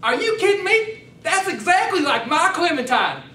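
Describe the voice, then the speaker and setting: A man putting on a high-pitched folksy rural guy. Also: big pitch swings, bright, forceful tone, heavily acted. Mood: folksy proud. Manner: slow, folksy, exclaiming. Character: folksy rural man in overalls, eager and dim. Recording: echoey hall, mic at a distance.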